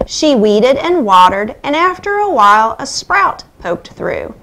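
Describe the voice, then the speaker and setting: Brief: lively, unhurried woman storyteller for little kids, higher voice. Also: slight background noise. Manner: animated, sing-song storytelling. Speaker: children's story reader. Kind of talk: reading a picture book to children.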